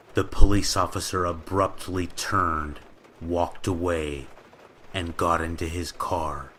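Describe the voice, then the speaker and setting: A man with a very deep, low voice reads scary stories in an even, steady narration. Soft rain falls faintly behind him. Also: a little hiss or hum. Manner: steady storytelling read. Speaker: horror story narrator. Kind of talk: scripted horror narration. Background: rain ambience.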